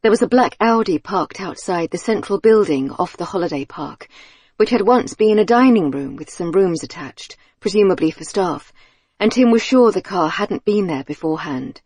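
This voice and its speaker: A woman reading an audiobook thriller in a measured, tense storytelling manner on a close studio mic. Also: fairly low pitch, lively intonation, darkish tone, breathy edge, dry recording. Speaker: audiobook narrator. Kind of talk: scripted audiobook narration.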